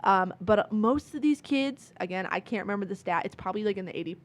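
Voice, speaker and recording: A woman's voice: mid-range voice, lively intonation, fast talker. A woman in her twenties, a podcast guest telling her story in casual, earnest conversation full of "like" and "um". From Michigan, USA. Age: 20s. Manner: earnest, many "like" and "um" fillers.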